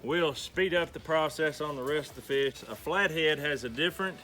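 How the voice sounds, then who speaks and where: A man's voice: on the high side, moderate pace, music in the background. A middle-aged man hosting a homestead show, giving an easygoing, folksy step-by-step demonstration. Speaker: homestead channel host. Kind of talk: how-to demonstration.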